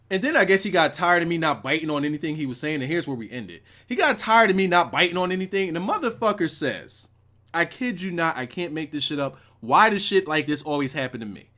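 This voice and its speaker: A man with a slightly high voice that swings all over the place tells a rambling, profane story to his live chat. He talks loose and casual, swears freely and chats back at viewers between his wrestling show reviews. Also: animated, fairly quick, bright, forceful tone.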